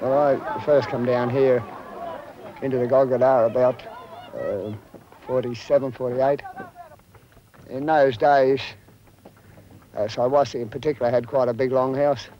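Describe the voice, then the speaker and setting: An older man speaking slowly in an interview, pausing often with fillers as he recalls the past. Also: medium pitch, steady tone, slight background noise. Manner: slow, halting, many uh fillers. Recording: dull lo-fi film audio.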